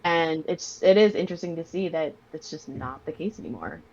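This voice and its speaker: A chatty, enthusiastic woman talks casually as a podcast guest. Her voice sits a little low and comes through dull and lo-fi, like remote call audio. She sounds relaxed and open. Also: a little fast, husky. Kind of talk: casual chat.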